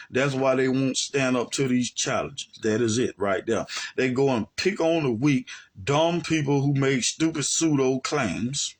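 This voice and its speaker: A man with an Alabama accent delivers a combative, colloquial rant as a religious teacher, with a husky, breathy edge to his voice. His pitch sits in an ordinary middle range for a man. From Alabama, USA. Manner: colloquial and combative, repeating "man" and "you see what I'm saying". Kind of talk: heated monologue rebuttal.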